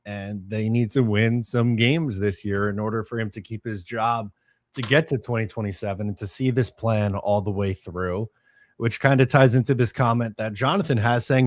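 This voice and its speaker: A man co-hosting a casual sports podcast, measured and summing up points, sometimes reading out viewer comments. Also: medium pitch, dry recording. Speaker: podcast co-host.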